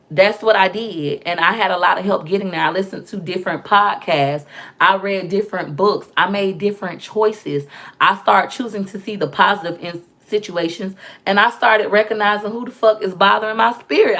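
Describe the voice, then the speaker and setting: A woman hosts a casual live chat with her viewers. Her voice sits in a middle pitch, and she talks in a blunt, profane way, animated as she tells stories. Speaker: vlog host reading comments.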